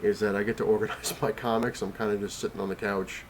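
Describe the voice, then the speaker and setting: A man with a somewhat low voice, sick and short of breath, rambles in a casual home vlog, stumbling through fillers and repeated words. A faint background noise sits under his voice. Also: level tone, fast. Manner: rambling, full of fillers and restarts. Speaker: comic collector vlogger. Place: home, on the couch.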